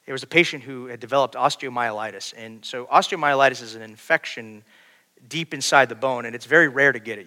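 A man preaching a sermon, shifting between quiet storytelling and loud, urgent preaching. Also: medium pitch. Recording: long hall reverb.

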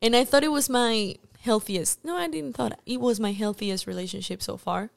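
A woman, an actress guest talking candidly on a podcast interview, animated and often restarting her sentences. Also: a little high, normal speed, vocal fry.

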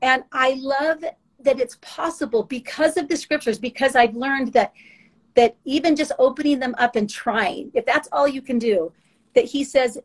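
Earnest woman, slightly high voice. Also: low-quality recording. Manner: earnest, emotional, halting with restarts. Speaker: guest sharing faith testimony. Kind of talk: heartfelt spoken testimony.

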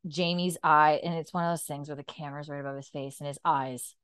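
A woman co-hosting a podcast, chatting casually and retelling the scenes of an episode in animated detail. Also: low voice, fairly quick, smooth. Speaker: podcast co-host. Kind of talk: casual episode recap chat.

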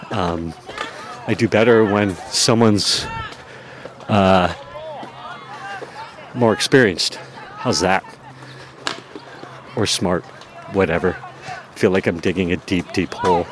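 A man's voice: lowish voice, background noise. A man hosting a podcast, talking casually and rambling about himself with many fillers and self-deprecating asides, outdoors in a town. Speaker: podcast host. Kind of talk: casual personal monologue.

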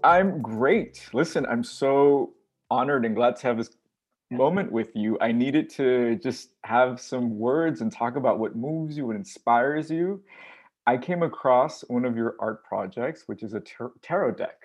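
A man's voice: medium pitch, a little slow. A man hosting a podcast, asking questions in an earnest, enthusiastic way. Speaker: podcast host. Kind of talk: podcast interview.

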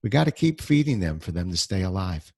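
Deep gravelly guy doing a chatty pep talk podcast from home, lots of ums and restarts, bouncy lively delivery. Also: a little fast, no room sound, studio quality. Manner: conversational, plenty of fillers and restarts. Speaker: podcast host. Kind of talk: solo motivational talk.

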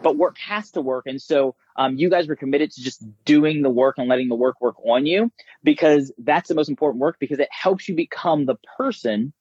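A slightly high-voiced man, an animated business coach, recalls clients in casual talk and mimics their voices along the way. The sound is dry and a little dull, like a lo-fi recording. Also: brisk, breathy edge, no echo. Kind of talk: casual conversation.

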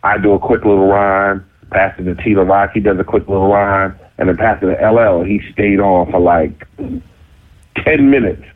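A middle-aged man telling a story in casual talk, cocky and animated, jumping into high squeaky voices for the people in it. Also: normal speed. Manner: cocky, self-mocking. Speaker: interview guest. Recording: phone-like narrow sound.

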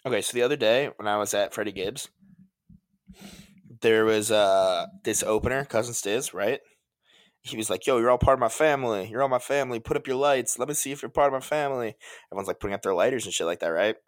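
Relaxed young man telling stories. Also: mid-range voice, no echo, studio quality. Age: 20s. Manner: laid-back storyteller, quick asides. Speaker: podcast co-host. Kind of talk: casual chat.

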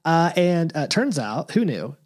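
A man's voice: a little high, measured pace. Sarcastic man with a swooping voice. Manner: sarcastic, dry jokes, animated swoops. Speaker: podcast co-host. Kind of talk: casual chat recapping a TV show.

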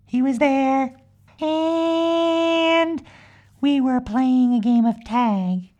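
A woman's voice: high voice, drawn-out words, warm tone, muffled recording. A woman voicing a cheerful, mischievous young magical unicorn girl, telling a rambling, childlike comic story with giggles. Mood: chatty. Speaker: podcast character.

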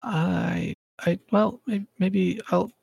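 A man's voice: high voice, fairly even intonation, slow pace, vocal fry, a little mellow, breathy edge, no room sound, clean studio sound, pitched above the performer's own voice, heavily acted. A man voicing a hesitant young adventurer who stammers politely. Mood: awkward.

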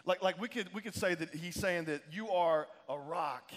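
Man preaching, high voice, casual and joking, calls for crowd responses, long hall echo. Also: normal speed, fairly bright tone. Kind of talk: lively sermon with call-and-response. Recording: long reverb of a large hall.

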